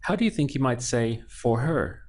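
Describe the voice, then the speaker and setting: A man's voice: medium pitch, animated, moderate pace, a little mellow. A man teaching a language lesson, patiently splitting words into syllables and repeating them. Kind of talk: slow, clear language lesson.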